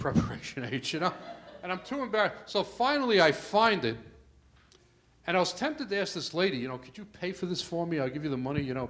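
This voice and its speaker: An older man doing a stand-up comedy set in a club, telling stories with asides to the crowd and getting louder for the punchlines. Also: fairly high pitch. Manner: storytelling with asides to the crowd, rising loud for punchlines.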